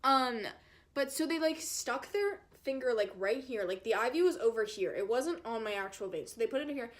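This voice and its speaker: A woman's voice: on the high side, animated, a little fast. Chatty young woman telling a dramatic storytime. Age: young adult. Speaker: vlogger. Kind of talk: storytime vlog.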